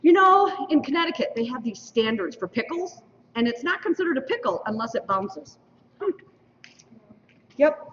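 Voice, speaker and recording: Lively woman emceeing in a distant hall. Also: high-pitched, normal speed, a little hiss or hum. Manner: playful, teasing trivia asides. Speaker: emcee of a school mock election. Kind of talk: lively announcing to an audience. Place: school hall. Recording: dull lo-fi stream, roomy hall from afar.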